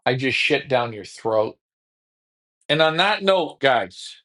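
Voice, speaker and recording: A man's voice: mid-range voice, expressive, slow, long pauses, pushed and bright. Trash-talking man hosting. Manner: taunting, repetitive trash talk. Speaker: pigeon racing show host. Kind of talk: casual livestream talk.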